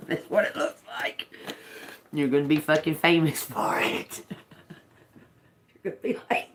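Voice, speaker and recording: A tarot reader does a casual reading in a low voice, speaking slowly and pausing often. She tells stories animatedly, laughs frequently, and swears freely.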